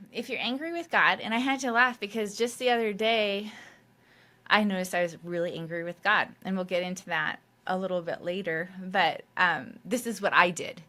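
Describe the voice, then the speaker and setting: A woman's voice: medium pitch, bright, forceful tone. A woman hosting a faith podcast, talking casually and loosely, with frequent fillers and mild swearing. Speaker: podcast host.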